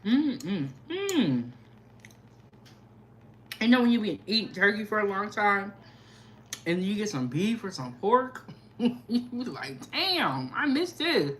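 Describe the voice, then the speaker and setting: Slow, chatty woman eating on stream. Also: medium pitch, a little hiss or hum. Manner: relaxed, chatty, savoring food with hums. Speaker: food vlogger. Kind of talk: casual mukbang livestream chat.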